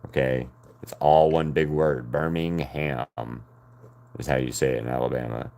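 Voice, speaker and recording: An American man with an extremely deep, low voice chats casually with his viewers while he draws. He rambles from one thought to the next and breaks into laughter often. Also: fairly even intonation, brisk, warm tone. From United States. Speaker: artist streaming to chat. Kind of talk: casual chat while drawing.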